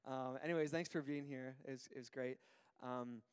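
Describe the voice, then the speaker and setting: A man's voice: medium pitch, fairly even intonation, moderate pace, smooth. A man in his thirties, a pastor giving a casual sermon, telling stories with lots of fillers and restarts. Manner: chatty, storytelling, many fillers and restarts. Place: church auditorium. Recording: long hall reverb.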